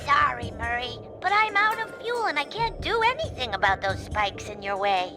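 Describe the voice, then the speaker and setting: A woman's voice: high voice, sing-song, moderate pace. An actress playing a young female mechanic sidekick in a video game, speaking earnestly. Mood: apologetic. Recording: game audio with music.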